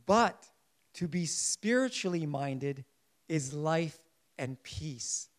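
A man with a fairly high, expressive voice preaches a sermon earnestly and takes it slowly. He frequently restarts sentences while searching for words, at times rising in emphasis and at times going quiet.

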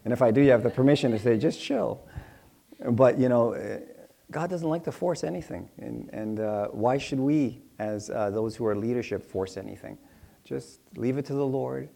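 A man's voice: mid-range voice, moderate pace, creaky, mellow. Brief: middle-aged male pastor, casual sermon teaching, jokey, plays out small exchanges in character. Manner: chatty and joking, acts out little dialogues in voices. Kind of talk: conversational Bible teaching sermon.

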